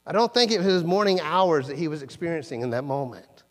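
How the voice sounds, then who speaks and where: A man preaching a sermon in a conversational way, acting out quoted lines with sudden jumps in pitch. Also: expressive, quick pace. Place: church sanctuary. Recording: long church reverb.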